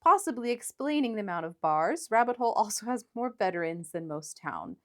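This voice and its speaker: A woman's voice: medium pitch, very animated, brisk, fairly bright tone. A woman playing a tabletop game, reading the rulebook aloud with playful, joking asides. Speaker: player.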